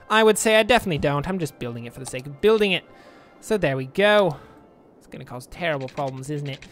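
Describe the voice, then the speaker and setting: A man's voice: on the high side, animated, a little fast, hardly any pauses, fairly bright tone, soft background music. A man giving casual, rambling commentary over a city-building game, with self-mocking asides. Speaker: let's play gamer.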